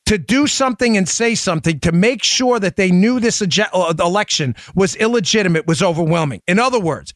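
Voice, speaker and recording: A man hosting a talk show, speaking rapidly and emphatically and addressing listeners directly on a close studio mic. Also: high-pitched, lively intonation, a bit bright, dry recording. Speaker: show host. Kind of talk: opinion talk show monologue.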